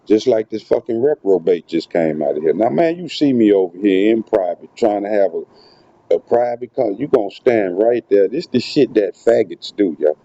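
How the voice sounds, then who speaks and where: A man's voice: fairly low pitch, lively intonation, normal speed, mellow, no room sound. A man giving a profane, conspiratorial monologue to his viewers, recorded on a handheld phone in a public spot. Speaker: vlogger. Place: public spot, moved somewhere quieter. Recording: dull lo-fi phone audio with faint noise.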